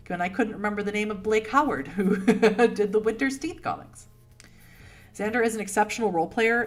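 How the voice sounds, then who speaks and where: Woman, Boston accent, livestream host, casual chat, laughs a lot, rambling. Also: medium pitch. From Boston, United States. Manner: chatty, laughs often, warm and rambling. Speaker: streamer host answering chat.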